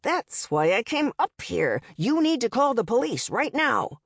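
A woman voicing a loud, angry middle-aged male motel guest who shouts through clenched teeth. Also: medium pitch, very animated, a little slow, slightly rough, no room sound, clean studio sound, exaggerated voice. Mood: demanding.

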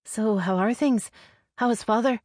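Lady doing a nervy younger sister, pitched up, fretting, dry close audio. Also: normal speed, a little mellow, no echo, close to an everyday voice. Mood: anxious. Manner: higher, anxious, pleading. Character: nervous young woman, worried sister.

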